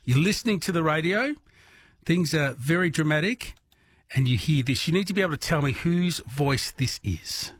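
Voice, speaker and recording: A man's voice: fairly high pitch, normal speed. A man hosting a late-night radio quiz, chatting easily with callers. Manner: relaxed, chatty, friendly banter with callers. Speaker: radio host.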